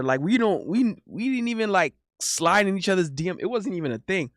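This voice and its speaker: A man's voice: sits high, animated, brisk, few pauses, no room sound, clean studio sound. A young man telling a rambling, casual story as a streamer, with lots of restarts and laughter.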